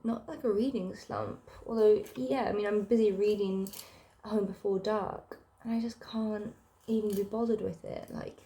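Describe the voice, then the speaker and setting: A young woman vlogging casually, sick and low, rambling with lots of fillers and sighs. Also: fairly even intonation, moderate pace, mellow. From South Africa. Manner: emotional, rambling, sighing, many fillers. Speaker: book vlogger. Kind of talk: casual personal vlog.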